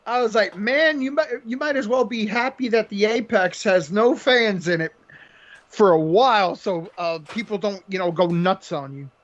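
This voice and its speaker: A man with a rather high voice chats loosely through fight picks, cracking jokes and laughing often. The stream audio is a little dull and lo-fi. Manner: joking, laughs often, quick banter. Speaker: podcast co-host. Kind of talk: casual chat about fight picks.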